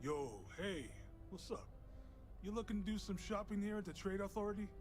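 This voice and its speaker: A man's voice: high voice, brisk, a little mellow, faint music behind, lightly acted. An actor playing a laid-back young male shop clerk who talks in casual slang. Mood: friendly.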